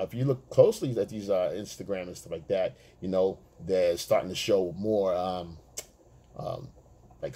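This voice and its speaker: A man's voice: on the low side, mellow, breathy edge. A man talking as a dating coach to other men, blunt and streetwise, swearing freely and acting out chat messages. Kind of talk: casual monologue to male viewers.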